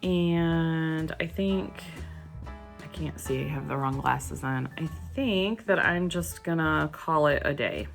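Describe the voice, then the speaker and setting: A woman talks to her viewers in a relaxed crafting vlog, her voice a little low and gravelly. She takes her time and thinks aloud as she goes, with soft music faintly underneath. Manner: chatty, unhurried, thinking aloud. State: hiccups. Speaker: crafting vlogger. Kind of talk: casual chat to viewers.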